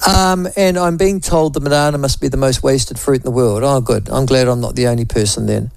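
A man's voice: mid-range voice, fairly even intonation, fairly quick, gravelly, a little mellow, no echo. A man with a New Zealand accent hosting talkback radio, chatting wryly and reading out listener messages. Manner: chatty, wry, self-deprecating asides.

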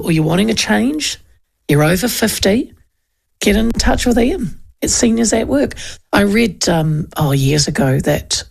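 New Zealand woman, fifties, radio host, chatty storyteller, slightly gravelly voice. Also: medium pitch. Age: 50s. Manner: chatty, warm storytelling with quick asides. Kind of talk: casual radio chat. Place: radio studio, on camera with headphones.

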